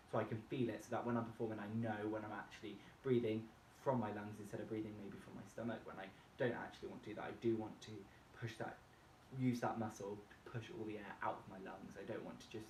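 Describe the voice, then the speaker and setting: A man presenting a vocal warm-up tutorial and explaining each step plainly. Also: on the low side, slight background noise. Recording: echoey room, distant mic, faint music. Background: faint backing music from a laptop.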